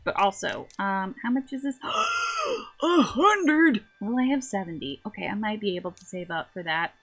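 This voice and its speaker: A woman's voice: mid-range voice, fairly quick, breathy edge, faint music behind. A woman from the Southern US chatting casually as she streams a game, giggly and rambling.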